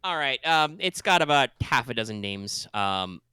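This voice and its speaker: Guy narrating a tabletop game, bright tense voice, casual, no room echo. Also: medium pitch, moderate pace, clear, resonant tone. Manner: animated, casual with fillers. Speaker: game master.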